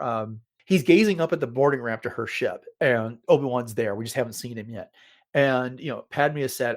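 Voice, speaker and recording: A man's voice: medium pitch, normal speed. Man retelling film scenes. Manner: animated retelling with quoted lines. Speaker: podcast co-host. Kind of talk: casual chat.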